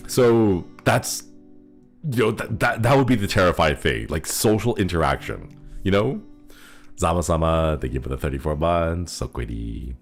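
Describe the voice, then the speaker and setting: Giggly low-voiced male streamer. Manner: giggly, rambling, laughs often. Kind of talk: casual chat with viewers.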